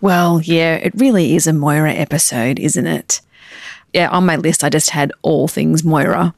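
A woman's voice: low-pitched, normal speed, no echo, studio quality. A woman guest on a podcast, joking and chatting casually. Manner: joking, animated quoting. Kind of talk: casual chat.

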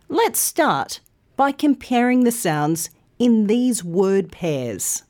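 A woman presenter reading a scripted pronunciation lesson with careful, clear articulation. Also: medium pitch, sing-song, takes it slowly, a little mellow. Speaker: news presenter teaching pronunciation.

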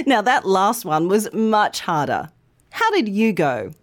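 A woman hosting a podcast, giving a clear, carefully articulated English pronunciation lesson. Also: medium pitch, big pitch swings, takes it slowly. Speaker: language podcast host.

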